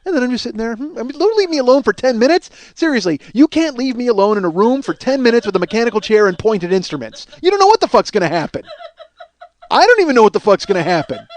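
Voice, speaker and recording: A man in his forties, a podcast host telling a comedic story in a casual, animated way, swearing and laughing along. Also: extremely high pitch, fast talker. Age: 40s.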